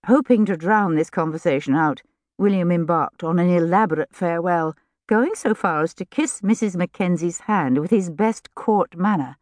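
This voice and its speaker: A woman reads an audiobook in a measured, lightly amused way. Her voice sits low, and the studio sound is dry and close. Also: darkish tone, no echo. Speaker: audiobook narrator. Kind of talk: scripted narration. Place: recording studio.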